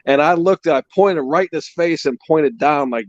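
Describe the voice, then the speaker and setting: A man with a slightly high voice tells a story in an animated way and laughs as he goes. The sound is dry and dull, like a lo-fi stream with no room in it. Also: normal speed, no room sound. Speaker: co-host, father of the host. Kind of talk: casual storytelling chat.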